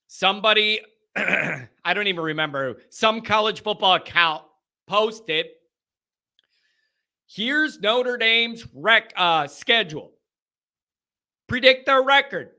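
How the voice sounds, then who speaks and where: A man's voice: high-pitched, bright, forceful tone. A man hosting a college football show, giving casual, emphatic commentary with a sarcastic edge.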